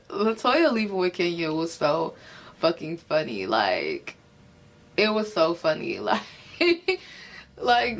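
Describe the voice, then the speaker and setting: A woman with a slightly low-pitched voice talks through a reality show episode, sounding tired and loose. She rambles, leans on fillers, swears freely, and giggles as she goes. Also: a bit bright. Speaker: reality TV recapper. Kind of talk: casual unscripted episode review.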